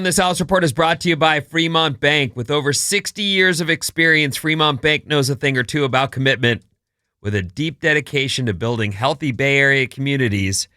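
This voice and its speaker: A man's voice: fairly high pitch, bright, forceful tone, no echo, studio quality. A middle-aged man co-hosting a morning radio show, upbeat and teasing, reading ads and news. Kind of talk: casual radio banter and ad reads.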